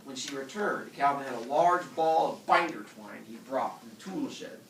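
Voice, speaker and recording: A man teaching a class, reading a story aloud in an animated way and stopping to explain words and quiz the students. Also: medium pitch, moderate pace, creaky, a little hiss or hum. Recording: echoey classroom from far off.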